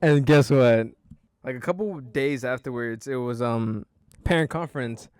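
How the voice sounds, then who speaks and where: A man's voice: mid-range voice, moderate pace, darkish tone, smooth, no echo, clean studio sound. A young man hosting a casual podcast, telling a story in a rambling way full of fillers. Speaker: podcast host.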